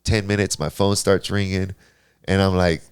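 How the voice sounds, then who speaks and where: A man in his forties, a podcast guest, telling his life story in animated casual talk and laughing along the way. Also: deep voice, moderate pace, smooth, no room sound, clean studio sound. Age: 40s.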